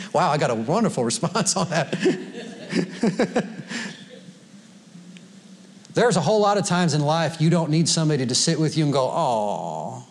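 Guy preaching in church, kinda high voice, folksy, chuckles a lot between lines. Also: animated, measured pace, long pauses. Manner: folksy preaching, laughs often, quotes scripture. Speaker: pastor. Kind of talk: sermon. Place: church sanctuary before a congregation.

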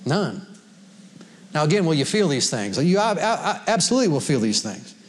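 A man's voice: fairly high pitch, sing-song, normal speed. A man preaching a sermon to a congregation in a folksy way, laughing often and quoting scripture. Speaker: pastor. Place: church sanctuary before a congregation.

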